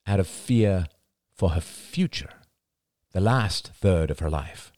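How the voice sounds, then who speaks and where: A man narrating an audiobook in a measured, deliberate way, sometimes dropping to a hush for emphasis. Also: low voice, dry recording, clean studio sound.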